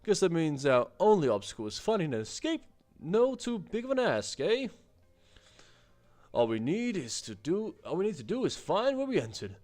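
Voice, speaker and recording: A man's voice: sits high, wildly swooping pitch, moderate pace, a little mellow, pitched above the performer's own voice. A man doing a swaggering sea captain. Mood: jaunty. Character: boastful male sea captain, brash and protective.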